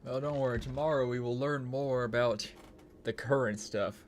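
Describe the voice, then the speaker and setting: A man's voice: medium pitch, moderate pace, very noisy. Male streamer, offhand chat while playing, swears a lot and circles back on himself. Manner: rambling and profane, full of "it's like". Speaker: gaming streamer. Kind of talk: casual gaming stream chat.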